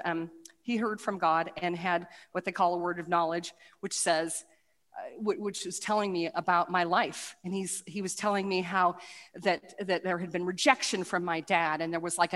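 A middle-aged woman tells her testimony at medium pitch, stumbling over restarts and fillers as she goes. She acts out the quoted voices animatedly. Her voice rings with the long reverb of a hall. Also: a bit bright. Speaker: speaker giving a testimony. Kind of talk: personal testimony talk with slides.

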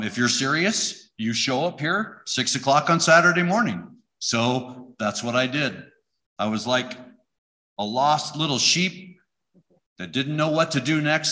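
Sharp-toned and mid-range, this middle-aged man shares a heartfelt testimony as a church member, speaking like he's simply telling a story in conversation.

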